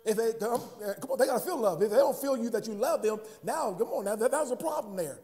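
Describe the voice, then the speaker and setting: High-voiced preaching pastor, calling out. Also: male voice, lively intonation, fast talker, dark tone. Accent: American. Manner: repeats words, asks "huh?" to the congregation. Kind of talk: sermon.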